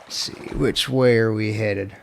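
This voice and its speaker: A man's voice: lowish voice, fairly even intonation, a little slow, vocal fry, a little hiss or hum. A man streaming a western game, chatting casually in loose, profane, self-mocking talk. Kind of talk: casual gameplay commentary.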